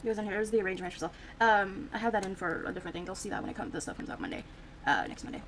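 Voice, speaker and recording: A woman's voice: medium pitch, very animated, racing, a little hiss or hum, low-quality recording. A young woman casually commenting on her life-sim gameplay, chatty and reacting aloud as she plays, with lots of fillers. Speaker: Sims gameplay streamer.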